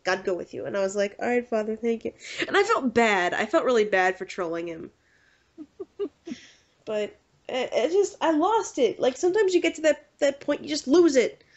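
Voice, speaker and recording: A woman hosting a podcast, telling rambling, animated stories in casual chat. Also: high voice. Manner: animated, rambling, quick to slip into quoted voices. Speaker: podcast host. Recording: dull lo-fi podcast audio.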